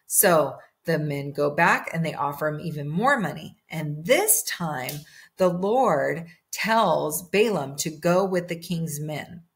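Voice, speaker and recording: A woman teaching children a Bible story at church. She speaks slowly in a lowish voice, telling it in an animated way and stopping to ask her young listeners questions.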